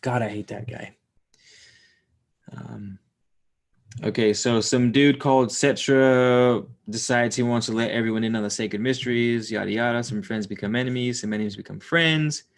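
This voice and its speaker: A man's voice: medium pitch, fairly even intonation, normal speed. A young man reading a book aloud on a live stream, drifting into rambling, swearing asides and chatting with viewers.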